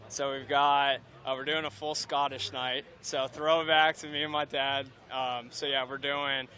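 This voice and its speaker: A man's voice: medium pitch, little pitch movement, unhurried, sharp tone. A man chatting easygoingly in a trackside interview about his racing series. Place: outdoors at a racetrack.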